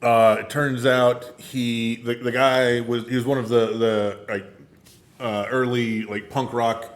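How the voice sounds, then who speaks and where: A man's voice: medium pitch, little pitch movement, takes it slowly. A man co-hosting a podcast in casual chat, often restarting words and joking. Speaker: podcast co-host.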